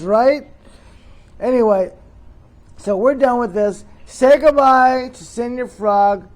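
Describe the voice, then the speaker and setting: A man's voice: high-pitched, darkish tone. A middle-aged man hosts a joking mock interview, rambling and teasing with chuckling asides. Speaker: host.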